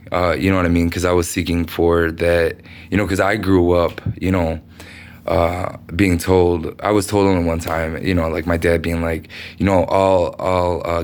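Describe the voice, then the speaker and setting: A man from the United States talking through a meandering personal monologue, swearing often and leaning on fillers. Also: low voice. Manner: meandering, profane, many fillers.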